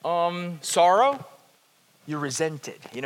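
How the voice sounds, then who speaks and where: A man preaching a sermon as pastor, shifting between hushed, quiet passages and emphatic, rising ones. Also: medium pitch, lively intonation, normal speed, in a large hall, slight background noise. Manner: dynamic, swings from hushed to emphatic.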